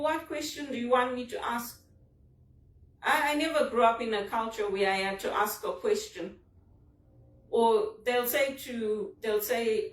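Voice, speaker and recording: A woman from Zimbabwe, talking in an earnest, personal, reflective monologue about a leadership book. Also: medium pitch. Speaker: vlogger discussing a leadership book. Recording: roomy sound from a distant mic.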